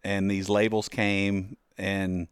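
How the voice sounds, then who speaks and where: With a deep, clear, resonant voice, a man takes his time telling stories as the guest musician on a podcast, animatedly acting out the voices of people in them. The studio-quality sound has no echo.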